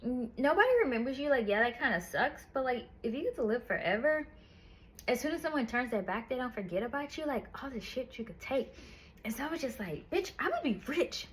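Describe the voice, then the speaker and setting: Woman rambling through a book review, swears a lot, says like constantly, voice a bit on the high side. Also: lively intonation, brisk, a little hiss or hum. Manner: chatty, profane retelling full of "like". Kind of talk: casual book review chat.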